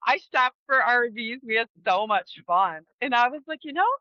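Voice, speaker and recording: A woman's voice: fairly high pitch, animated, normal speed, no echo, dull audio. Frank, swearing middle-aged woman vlogger. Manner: casual, frank, swears freely. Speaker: host. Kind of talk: candid personal reflection vlog.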